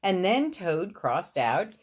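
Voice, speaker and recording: Slow, animated woman reading a storybook. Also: lowish voice, husky. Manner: warm, explaining the pictures. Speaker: parent reading to her boy. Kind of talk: storybook read-aloud.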